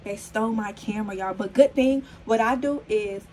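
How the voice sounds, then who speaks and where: A young woman in her twenties, slightly hoarse, chatting casually to the camera in a vlog filmed on her phone at home, full of fillers and calling viewers y'all. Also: mid-range voice, moderate pace, mellow, slight background noise, low-quality recording. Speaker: vlogger.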